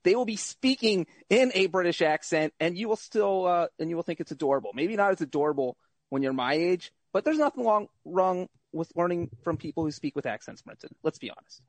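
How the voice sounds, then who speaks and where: A man's voice: high voice, animated, brisk, dry recording. A man co-hosting a podcast, teasing his colleagues in casual banter. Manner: wry, teasing. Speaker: podcast co-host.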